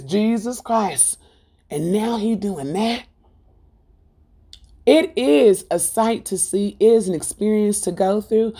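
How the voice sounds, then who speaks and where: A woman delivers an informal Christian sermon with a fervent, preachy drive. She builds her points through rhythmic repetition and fires rhetorical questions straight at her listeners. Her voice sits in an ordinary middle pitch for a woman. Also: warm tone. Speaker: Christian speaker.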